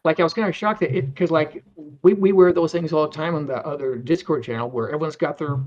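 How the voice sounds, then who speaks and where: Fifty-something male guest, slightly high voice, rambling casual chat over dull lo-fi call audio. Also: fast, a little mellow. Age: 50s. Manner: rambling, with many restarts. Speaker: guest animator.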